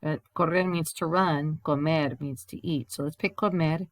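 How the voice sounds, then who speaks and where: A woman with a low voice talks through a recorded grammar lesson, explaining each step and reading example sentences aloud before translating them. The sound is dry and close to the mic, with no room around it. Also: fairly even intonation, moderate pace, hardly any pauses, no echo. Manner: explains step by step, reads examples in Spanish then English. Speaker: Spanish teacher.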